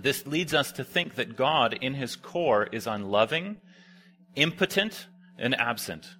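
A young man preaching with a bright, forward tone at a middle pitch. He tells his story casually, leaning in and going soft and hushed whenever he quotes someone. The delivery mixes sermon and storytelling. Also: lively intonation, unhurried. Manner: conversational, drops to quiet near-whispers for quoted lines.

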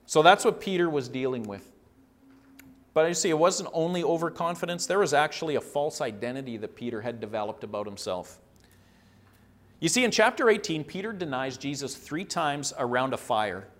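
A man preaching a sermon in an earnest, conversational way, repeating phrases for emphasis and briefly acting out quoted lines. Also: medium pitch.

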